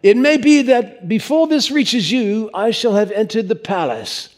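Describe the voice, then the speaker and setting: A man putting on an English accent to voice an elderly English pastor writing a calm farewell letter. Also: high voice, a little slow, pitched above the performer's own voice. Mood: serene. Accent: put-on English.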